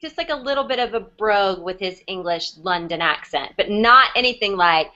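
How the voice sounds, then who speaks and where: A woman's voice: mid-range voice, lively intonation, normal speed, hardly any pauses, pushed and bright. A young woman co-hosting a casual live-stream fan chat, wry and joking, a bit worn out and unwell. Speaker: co-host of a fan chat show. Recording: dull lo-fi webcam audio.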